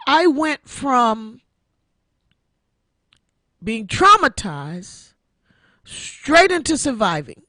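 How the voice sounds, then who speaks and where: A woman's voice: sits high, sing-song, extremely slow, long pauses, pushed and bright, no room sound, clean studio sound. A woman in her sixties hosting an online radio show, giving an emotional personal testimony and repeating her phrases like a preacher. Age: 60s. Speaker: internet radio show host.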